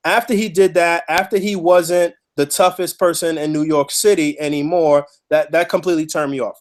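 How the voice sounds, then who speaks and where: Male podcast host, a bit high-pitched, emphatic and blunt in casual chat. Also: fairly even intonation, normal speed, hardly any pauses. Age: adult with a child. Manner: emphatic, profane, heated storytelling.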